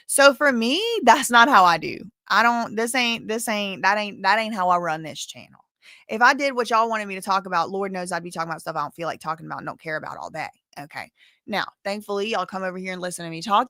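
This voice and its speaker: A woman's voice: mid-range voice, bright, forceful tone, dry recording, studio quality. Chatty woman hosting legal commentary. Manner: chatty, digressive, blunt asides. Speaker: commentary channel host. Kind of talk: casual livestream legal commentary.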